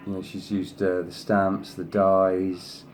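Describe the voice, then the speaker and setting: A man talks slowly in a monotone, with a little hiss or hum behind him, while casually presenting design samples in his craft video. He praises every one at great length, rambling with lots of "you know"s, and coaxes his pet in a higher pitch. He's an adult whose sister is over thirty.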